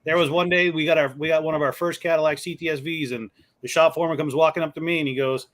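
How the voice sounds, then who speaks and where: A man telling lively stories in a casual chat and acting out the people in them. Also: fairly high pitch, fast talker. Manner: animated storyteller, acts out quoted voices. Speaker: co-host.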